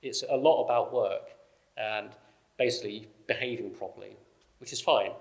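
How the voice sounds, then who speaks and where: A man's voice: fairly low pitch, moderate pace, gravelly. A man giving a conversational church teaching talk, explaining early Christian writings with frequent fillers. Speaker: preacher.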